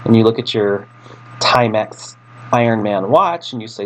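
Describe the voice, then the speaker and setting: A man's voice: on the low side, lively intonation, moderate pace, a little hiss or hum. A man teaching a recorded Spanish lesson, talking casually through his slides with fillers and restarts. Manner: casual, chatty, with fillers and self-corrections.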